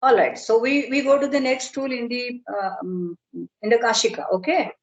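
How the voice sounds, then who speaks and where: Woman giving a measured online lecture. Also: a little high, dull audio. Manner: measured, explanatory, slow on terms. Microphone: video call.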